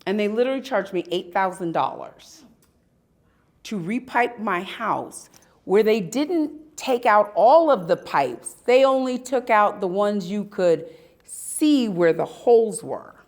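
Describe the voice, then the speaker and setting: A woman giving a live talk at an expo, telling personal stories with emphatic, dramatic pauses. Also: mid-range voice, expressive, a little mellow. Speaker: speaker at a spirituality expo. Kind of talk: live storytelling talk to an audience.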